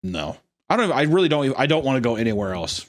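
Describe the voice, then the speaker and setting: Profane jokey young guy, lively pitch. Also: quick pace. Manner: profane, jokey, does silly voices. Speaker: podcast co-host. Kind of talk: crude casual banter.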